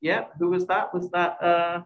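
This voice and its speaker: A high-pitched, slightly bright male voice, a bit fast and with little pitch movement, teaches presentation skills over a video call. He asks participants questions and praises their answers. Audio comes through a video call microphone, echoey and dull.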